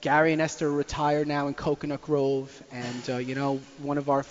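A man telling a family story as a radio guest, animated and chuckling, often repeating himself. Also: on the high side, a little fast, long reverb tail, lo-fi sound, a little hiss or hum. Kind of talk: casual storytelling.

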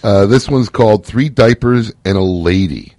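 An easygoing male radio host with a very low voice runs the show and jokes his way between segments. His speech is relaxed and chatty. The studio sound is dry and close. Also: normal speed, no echo. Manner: easygoing, jokey. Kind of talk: casual talk-radio hosting.

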